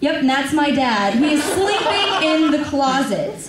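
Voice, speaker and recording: A woman's voice: sits high, measured pace, over a noisy crowd, very noisy. A teenage girl doing stand-up comedy for a class, telling stories with lots of acted-out quotes. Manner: animated storytelling with acted-out quotes. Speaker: student comic. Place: school drama class room. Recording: echoey room, far from the mic, audience laughter.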